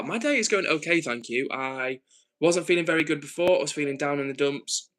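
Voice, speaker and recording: Guy on a livestream, bit high voice, chatting to his viewers, lots of ums. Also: normal speed, long pauses, fairly bright tone, poor audio. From north of England. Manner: earnest, thinks aloud with frequent ums and restarts. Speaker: livestream host. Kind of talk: casual livestream chat, reading out viewer messages.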